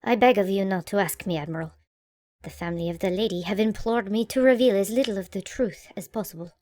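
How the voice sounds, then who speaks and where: A woman voicing a pale, distressed middle-aged male mayor in an audiobook, speaking low and pleading. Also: fast talker, a little mellow, close to an everyday voice. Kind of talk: audiobook character voice.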